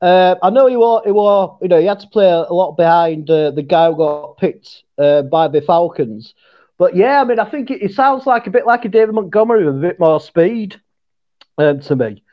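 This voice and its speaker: A man's voice: sits high, lively intonation, normal speed. A man with a Yorkshire accent from England, a guest chatting casually, joking, laughing often and trailing off mid-sentence. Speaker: podcast guest. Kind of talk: casual chat. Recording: dull lo-fi call audio.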